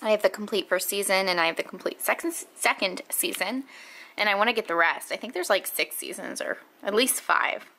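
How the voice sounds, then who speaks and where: Speaking a little fast with a medium-pitched, bright, forceful voice, this young mother and lifestyle vlogger in her twenties is animated as she talks to camera at home. The audio is poor, and she constantly fills her casual chatter with "like" and "um."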